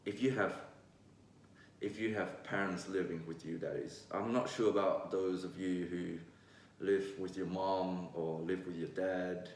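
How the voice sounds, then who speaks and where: A man's voice: deep voice, steady tone, a little slow, a little mellow, far from the mic, a little hiss or hum. A young man in his twenties from Vietnam, with a mixed Vietnamese-Australian accent, talking bluntly and candidly to camera, swearing freely. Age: 20s. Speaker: vlogger. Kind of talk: casual monologue to camera. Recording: roomy echo, voice away from mic.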